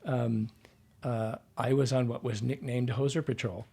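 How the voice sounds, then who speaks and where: A man's voice: mid-range voice, steady tone, unhurried, creaky, warm tone, breathy edge. A man, a dialect coach, talking as a guest in a podcast interview. He explains at length and keeps checking in with "right?".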